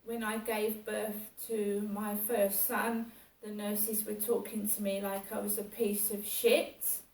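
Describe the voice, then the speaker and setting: Aggrieved woman venting slowly. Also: mid-range voice, level tone, a little mellow. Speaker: vlogger. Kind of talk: personal monologue. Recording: echoey room, far from mic.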